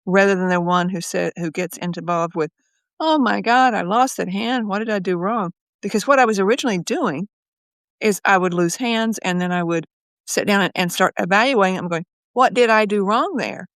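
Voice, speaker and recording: A woman psychologist talking as a podcast interview guest, an animated storyteller who acts out her own inner voice. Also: mid-range voice, no room sound.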